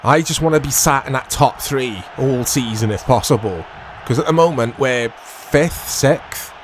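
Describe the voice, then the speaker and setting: A man commentating his own football video game play, excitable and self-mocking, shouting at big moments. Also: medium pitch, measured pace, a little hiss or hum. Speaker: gaming YouTuber. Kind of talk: gameplay commentary.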